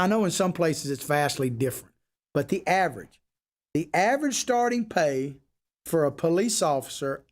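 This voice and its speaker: A man talks straight to his audience on a solo political show. He is combative and opinionated. He leans on rhetorical questions to press his points. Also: fairly high pitch. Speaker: political talk show host.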